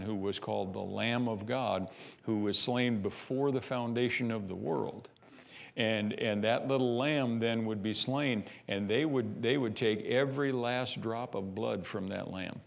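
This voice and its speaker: A man preaching a sermon as pastor of a church, animated and repeating himself as he builds each point. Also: on the low side, gravelly. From United States. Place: church sanctuary.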